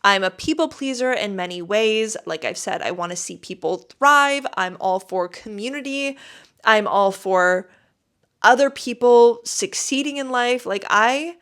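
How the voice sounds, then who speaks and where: A woman's voice: fairly high pitch, a little slow, clean tone. A woman hosting her podcast at home, telling a story in a casual, emphatic, exasperated way. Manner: animated, emphatic, exasperated retelling. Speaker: podcast host.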